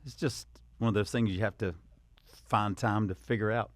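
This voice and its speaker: Low-voiced male guest, relaxed and wry, close dry mic. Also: moderate pace, no echo. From South Carolina, USA. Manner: easygoing, wry, dry humor. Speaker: musician guest. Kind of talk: casual interview chat.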